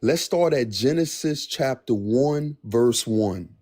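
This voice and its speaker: A man calling into a debate stream, speaking in a drawn-out, playful preacher-like cadence and calling others beloved. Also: medium pitch, expressive, a little mellow. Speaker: caller posing as a divine figure. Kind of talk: casual debate chat.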